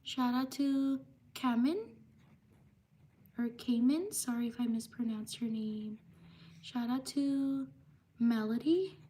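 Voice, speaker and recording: A woman hosting a live stream, reading out viewers' names one by one in a slow, repetitive way. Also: a little high, mellow. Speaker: livestream host.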